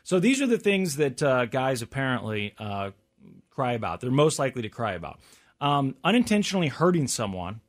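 A man's voice: mid-range voice, big pitch swings, a little fast. A man hosting a casual chat, reading out survey figures and adding wry comments. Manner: reads out survey stats with wry asides. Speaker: podcast host.

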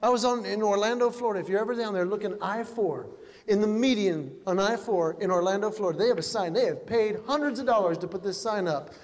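High-voiced male stand-up comic. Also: fast. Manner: animated, jokey storytelling. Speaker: stand-up comedian. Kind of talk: stand-up comedy storytelling. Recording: long hall reverb, faint noise.

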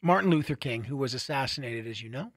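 Animated male radio host. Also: medium pitch, fast, no echo, clean studio sound. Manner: conversational, animated storytelling with restarts. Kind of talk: casual talk radio monologue.

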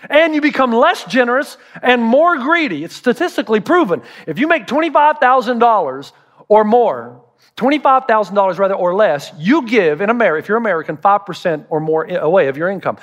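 Lively, high-pitched male pastor preaching. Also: a little fast. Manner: animated and humorous, acting out quoted voices. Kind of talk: sermon.

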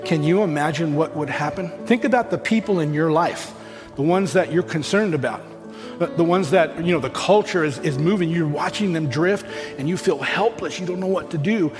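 A man's voice: fairly high pitch, normal speed. A man, a pastor preaching a sermon in a conversational way, acting out everyday dialogue as he goes. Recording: long hall reverb with faint music.

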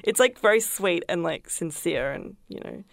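A woman's voice: on the low side, animated, normal speed, creaky. A young woman, chatting casually and retelling stories with lots of fillers. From Australia. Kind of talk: casual chat.

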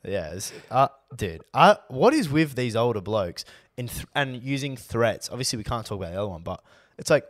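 A man's voice: mid-range voice, very animated, brisk, dry recording, studio quality. A young Australian man co-hosting a podcast, blunt and slangy in casual banter. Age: young adult. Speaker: podcast co-host.

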